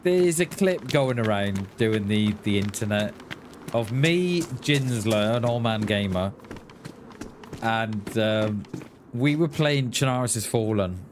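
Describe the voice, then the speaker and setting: A man's voice: lowish voice, animated, slow pace, slight background noise. A man chatting casually on a live gaming stream, rambling and laughing at himself.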